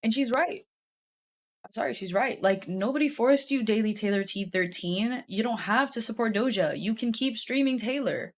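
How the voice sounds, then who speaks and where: A woman's voice: on the high side, lively intonation, normal speed. Chatty, swearing woman commentator. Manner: chatty, swears freely, laughs often. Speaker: YouTube commentator. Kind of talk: casual commentary vlog.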